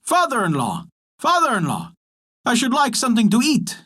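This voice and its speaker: Greedy storybook frog, high and pushy, husky edge, as a man puts him on. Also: huge pitch swings, normal speed, sharp tone, exaggerated voice. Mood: demanding. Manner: whiny, insistent demands. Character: demanding ugly male frog, croaking.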